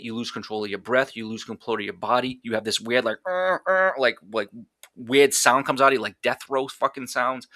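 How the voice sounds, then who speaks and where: A man with a bright, tense voice speaks in a raw, blunt way and swears often. He restarts his sentences as he tells a personal story. The sound is dry and close to the mic, with no room echo. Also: mid-range voice. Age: adult. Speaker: podcast guest.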